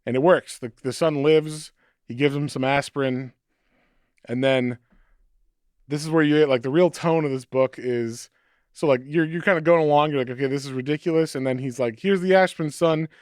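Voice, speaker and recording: A man casually retelling a comic book's plot in a podcast chat, acting out lines in quick quoted bits. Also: medium pitch, no echo, clean studio sound. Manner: animated storytelling, acting out quotes. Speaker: podcast co-host.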